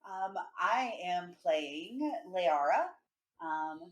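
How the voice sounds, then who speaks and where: A woman's voice: on the low side, sing-song, very slow, creaky. A woman introducing her character as a player, hesitant with many ums. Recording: roomy echo.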